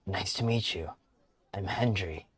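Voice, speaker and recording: A man voicing a gruff, friendly old male traveler in a video game, speaking low and unhurried. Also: slight background noise. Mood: mellow friendly.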